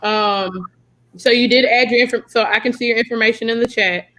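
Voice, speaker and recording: A woman's voice: a little high, fairly even intonation, brisk, a bit bright, poor audio. A young American woman hosting a casual podcast chat, friendly and full of fillers. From United States. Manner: chatty, friendly, lots of fillers. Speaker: podcast host.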